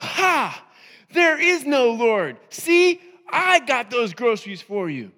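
A scoffing man shouts his taunts slowly and loudly in a high, bright voice, as a preacher acts him out. The shouts ring out with a long hall reverb. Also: very animated, exaggerated voice. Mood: mocking. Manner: slow, loud, mocking shouting. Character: scoffing male atheist neighbor.

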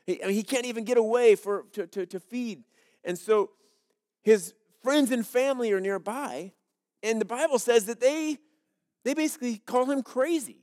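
A male pastor delivers a sermon as if chatting with his congregation and tells stories along the way. His voice is pitched high, and he often backs up and restarts his sentences. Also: moderate pace, a little mellow. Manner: conversational, storytelling, frequent restarts.

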